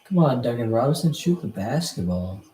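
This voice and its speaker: A man's voice: medium pitch, sing-song, moderate pace, mellow. A young man co-hosting a podcast, chatting casually and joking as he reacts to a game on TV. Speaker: podcast co-host. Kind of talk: casual chat while watching a game. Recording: roomy echo, faint background noise.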